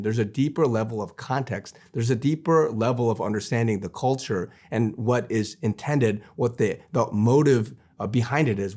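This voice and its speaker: A man's voice: mid-range voice, darkish tone. A man giving an earnest Christian video sermon, repeating phrases and restarting sentences as he presses his point. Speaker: Christian preacher. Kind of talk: preachy video monologue.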